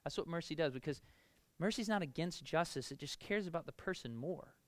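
A pastor preaching a conversational sermon, telling personal stories in a casual, animated way with lots of filler words. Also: male voice, a little high, fairly quick, no room sound.

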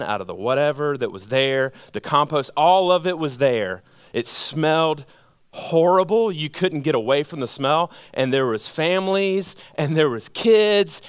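A man preaching a sermon, telling a story and letting his voice drop low and quiet at the heaviest moments, then building with emphatic repeated phrases. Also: clean tone, no echo, clean studio sound. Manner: storytelling, drops low and quiet at emotional points. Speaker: pastor.

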